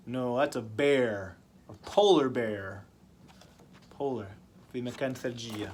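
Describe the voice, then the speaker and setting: Slow, patient man teaching vocabulary. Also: mid-range voice, expressive. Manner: repeats key words and asks the class simple questions. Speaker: ESL teacher. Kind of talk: slow vocabulary lesson for language learners.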